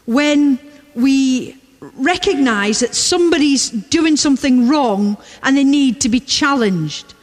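Woman, preacher, sermon, slow and measured, high voice, long church reverb. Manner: measured, repeats key lines for emphasis.

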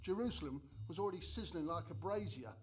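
A man's voice: fairly high pitch, animated, fast talker, slightly rough. An actor in a church drama sketch playing a chatty, proud middle-aged trader and father, who tells the story with wry asides.

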